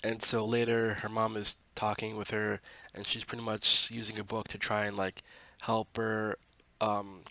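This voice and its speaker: A man's voice: on the low side, monotone, normal speed, sharp tone, no echo. A man casually recapping a TV episode, rambling with lots of 'like' and 'um' and frequent self-corrections.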